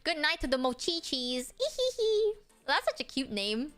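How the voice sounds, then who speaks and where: High, lively woman streamer. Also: normal speed, faint music behind. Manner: playful, swears freely. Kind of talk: casual livestream chat.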